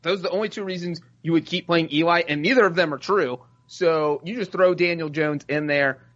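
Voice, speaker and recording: A fairly high-voiced man builds brisk arguments full of stats in a casual sports chat. The sound is dry and dull. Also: fairly bright tone, dry recording. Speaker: podcast co-host.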